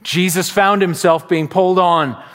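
A middle-aged man preaching a sermon as pastor, telling stories and acting out little asides in an animated way. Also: sits high, measured pace. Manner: animated storytelling with acted-out asides. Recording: long reverb of a large hall.

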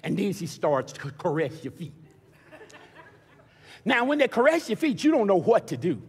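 An older man preaching a sermon as pastor, telling stories with stammered restarts and building to shouted preaching. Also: high voice, sing-song, moderate pace. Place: church sanctuary. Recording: long church reverb.

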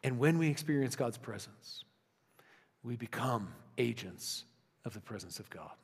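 A man's voice: mid-range voice, animated, a little slow, breathy edge. Male pastor preaching in an echoey hall. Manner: conversational preaching, dropping to soft intimate tones. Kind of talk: sermon. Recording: long reverb of a large hall.

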